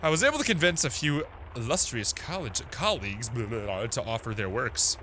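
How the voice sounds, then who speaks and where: A man's voice: medium pitch, lively intonation, fairly quick, bright, forceful tone, a little hiss or hum. A man reading out a letter as an eager male professor in a video game, in a grand, theatrical way.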